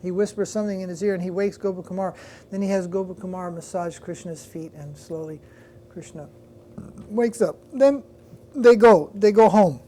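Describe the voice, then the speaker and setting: An older man, a swami, giving a religious class, lively retelling a devotional story with quoted voices and pausing to recall details. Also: high voice.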